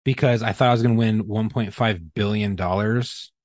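A man's voice: fairly low pitch, steady tone, moderate pace, darkish tone, no echo, clean studio sound. A man co-hosting a casual podcast, joking, profane and laughing a lot. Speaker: podcast co-host. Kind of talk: casual chat.

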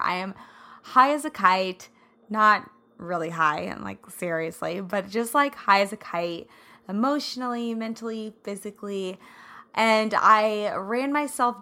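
A woman from the American Midwest hosting her podcast in a casual, bubbly chat, her throat a little scratchy and hoarse as she laughs often. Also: mid-range voice, unhurried, pushed and bright. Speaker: podcast host.

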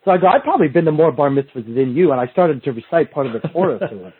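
Rapid-fire, very animated and husky, this fairly high-pitched man is a fitness coach guesting on a podcast. He rambles through profane stories, playing both parties in past conversations over a tinny, phone-like line.

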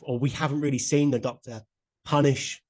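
A man's voice: mid-range voice, steady tone, moderate pace, darkish tone. A young man with a mid-range voice chatting casually on a podcast. He gushes with enthusiasm, laughs readily and keeps checking that he is understood. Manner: enthusiastic, laughs often, trails off into "do you know what I mean". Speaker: podcast co-host. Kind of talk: casual chat.

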